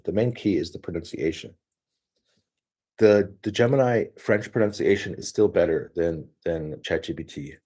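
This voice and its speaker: Low, husky man thinking aloud. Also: warm tone. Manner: rambling, thinking aloud with many fillers and restarts. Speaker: solo streamer. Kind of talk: casual screen-share walkthrough.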